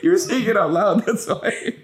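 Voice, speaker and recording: A man hosts a relaxed podcast chat with his wife. His voice has a gravelly edge, and he talks in a loose, lively way with frequent laughs and fillers. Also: high-pitched, a little slow. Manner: animated, laughing, loaded with fillers. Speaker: podcast host.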